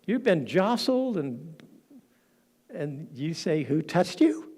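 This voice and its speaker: A man's voice: fairly high pitch, big pitch swings, slow, darkish tone, slightly rough, heavily acted. A man voicing exasperated male followers who talk back almost sarcastically, inside his sermon.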